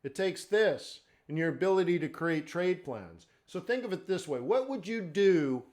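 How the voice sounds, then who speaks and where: Running a live forex trading webinar, this man has a high, expressive voice with a darkish tone, moving at a moderate pace. His style is chatty and full of rhetorical questions, peppered with "okay?" and "right?"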